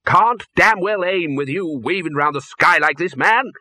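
A man voicing a blustering, bossy old wizard chief who barks orders loudly in an audiobook. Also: sits high, animated, measured pace, no room sound, voice pushed up, full character voice. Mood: irate. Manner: barking, demanding.

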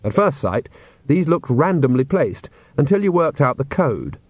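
A man's voice: a little high, very animated, moderate pace, husky, no room sound. Man narrating a wry storybook. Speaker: audiobook narrator. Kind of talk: scripted narration. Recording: dry, slightly dull studio read.

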